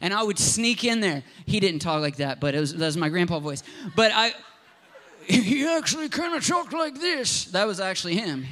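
A pastor from Southern Ohio preaching a sermon and mixing scripture with personal stories. His voice sits high for a man and has a bright, forceful ring. He talks in an impassioned, conversational way. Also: expressive, normal speed.

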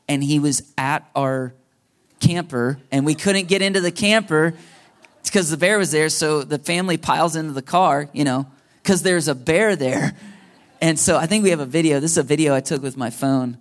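A man, a pastor in his thirties, telling a casual personal story during a sermon and asking the congregation questions. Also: fairly high pitch. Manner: casual, chatty, asks the audience questions. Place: church hall before a congregation.

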